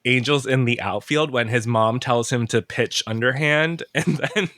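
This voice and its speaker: Bright-voiced man gushing on a podcast. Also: medium pitch, normal speed, no echo. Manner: emotional, rambling, self-questioning. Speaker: podcast guest, entertainment writer. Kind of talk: casual podcast chat.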